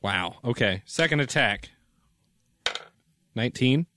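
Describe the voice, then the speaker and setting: A man's voice: medium pitch, expressive, slow, pushed and bright. Eager young male player, faint noise. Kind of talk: tabletop game play.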